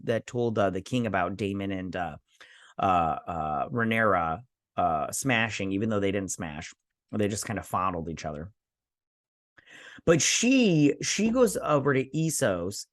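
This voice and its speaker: A man's voice: medium pitch, no room sound, clean studio sound. A man hosting a review show, casually recapping an episode and acting out characters' lines with lots of fillers. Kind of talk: casual recap with quoted voices.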